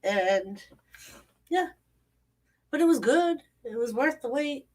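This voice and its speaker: A woman's voice: high-pitched, animated, slow pace, darkish tone, distant mic. A woman, chatting casually on a late-night livestream and greeting viewers by name. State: stuffy nose. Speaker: channel host. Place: home at night.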